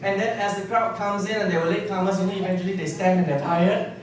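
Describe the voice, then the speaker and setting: A man giving a sales seminar to a live audience, constantly checking in with quick questions. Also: sits high, fairly even intonation, distant mic. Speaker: sales trainer. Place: large hall with an audience. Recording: echoey hall, mic from afar, audience.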